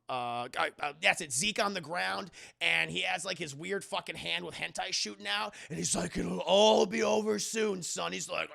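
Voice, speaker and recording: A man's voice: sits high, creaky, sharp tone. A man streaming live, recapping a film in a rambling, profane way and talking straight to his chat.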